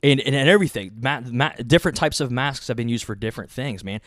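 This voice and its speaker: A man's voice: medium pitch, animated, fast talker, dry recording, clean studio sound. Heated, rambling man in casual talk. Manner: rambling, heated, swears a lot, many restarts. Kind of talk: casual profane chat.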